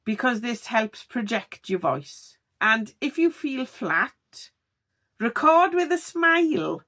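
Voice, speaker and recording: A woman giving a tutorial vlog on speaking clearly, expressive and deliberately over-articulating her words. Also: mid-range voice. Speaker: video creator teaching on-camera speaking.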